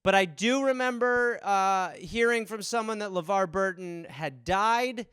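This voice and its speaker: A man's voice: high voice, measured pace, a bit bright, clean tone, no room sound, clean studio sound. A man hosting a comedy podcast, riffing alone on topics in a rambling, profane, self-deprecating way. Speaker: podcast host.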